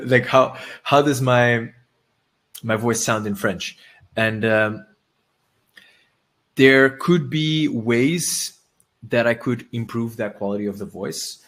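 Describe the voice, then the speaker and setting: A man hosting a live webinar, talking casually and haltingly with many restarts while he demonstrates software on screen. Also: mid-range voice. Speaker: webinar host.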